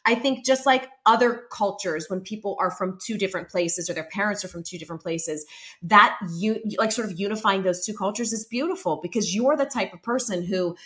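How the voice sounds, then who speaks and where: Woman podcast host, mid pitch, earnest and supportive with her guest. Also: a little fast, fairly bright tone. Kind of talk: casual interview chat.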